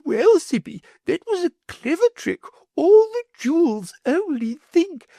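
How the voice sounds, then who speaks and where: A man voicing a silly, greedy noblewoman who adores intrigue, in a shrill, gushing voice. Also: very animated, unhurried, mellow, no echo, clean studio sound, exaggerated voice.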